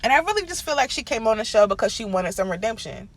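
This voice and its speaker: A man's voice: high-pitched, big pitch swings, quick pace. A man giving a casual, sassy recap rant of a TV episode, telling it in an exasperated, chatty way. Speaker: TV recap commentator.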